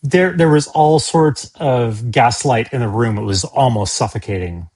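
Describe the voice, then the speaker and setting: Male co-host, husky voice, wry and profane, medium pitch. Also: normal speed, darkish tone. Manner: wry, profane, blunt asides. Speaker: stream co-host. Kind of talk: casual livestream commentary.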